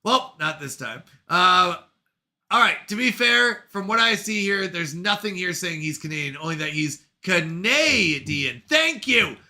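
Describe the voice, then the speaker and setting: A man in his thirties with a high, very bright voice, hosting a casual live stream. He reads viewer messages aloud and answers each one with quick, animated reactions, thanking people and apologizing for falling behind. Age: 30s. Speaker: streamer reading chat.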